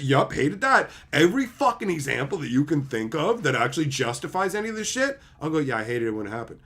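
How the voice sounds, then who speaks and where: Angry sarcastic streamer, husky, animated pitch, lots of swearing. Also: male voice, brisk, few pauses. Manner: profane, heated, sarcastic, mocks opponents in put-on voices. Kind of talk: ranting commentary.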